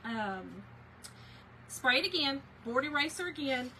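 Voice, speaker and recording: A woman's voice: sits high, lively intonation, unhurried, sharp tone, slight background noise, poor audio. A woman chatting with viewers by name while she demonstrates a craft project on a livestream, with many fillers. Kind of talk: casual livestream craft tutorial.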